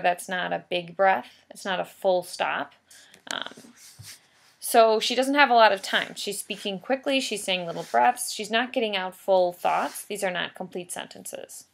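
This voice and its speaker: A woman's voice: mid-range voice, measured pace, vocal fry. A woman teacher giving a recorded writing lesson, explaining patiently and stressing key points by repeating them. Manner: patient, explanatory, emphatic repetition.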